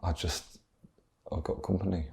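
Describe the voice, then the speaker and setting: Brief: man as an earnest lonely scientist, low and creaky, fond and reassuring. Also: steady tone, normal speed, a little mellow. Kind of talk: improvised comedy podcast.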